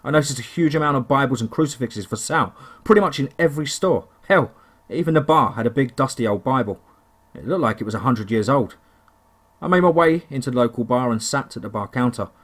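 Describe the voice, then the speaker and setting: A man narrating a first-person horror story, telling it in a steady, deliberate way. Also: mid-range voice.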